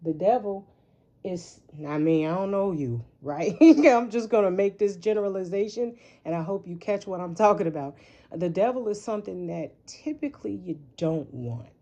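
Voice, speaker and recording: A woman's voice: lowish voice, warm tone. A woman giving a casual tarot reading, rambling and frank, swearing freely and often asking "right?". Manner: rambling, frank and profane, with frequent rhetorical "right?". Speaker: tarot reader.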